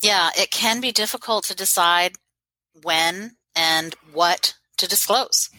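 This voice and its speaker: A woman's voice: fairly low pitch, slow pace, bright, forceful tone, no echo, low-quality recording. A woman, a mental health counselor, giving encouraging, practical advice as a podcast guest. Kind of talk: interview answers.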